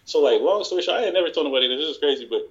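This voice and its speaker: A man guest on a podcast, telling work stories in casual chat and acting out the people he quotes in higher voices. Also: animated, racing, dull audio.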